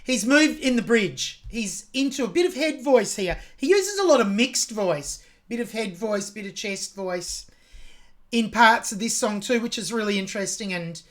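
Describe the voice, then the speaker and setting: A woman's voice: on the high side, expressive, normal speed. Admiring Australian woman breaking down vocals. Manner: admiring, analytical about vocal technique. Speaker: music reaction host. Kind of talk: song reaction commentary.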